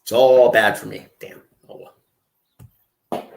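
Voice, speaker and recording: A man hosting a reaction commentary, talking in a sarcastic, taunting, drawn-out way. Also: on the low side, fairly even intonation, creaky, reverberant. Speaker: commentary host.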